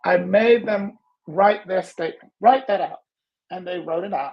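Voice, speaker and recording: A man hosting a podcast as a coach, telling stories in conversation and acting out other people's voices with big jumps in pitch. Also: normal speed, muffled recording. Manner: laughs while telling. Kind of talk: storytelling in conversation.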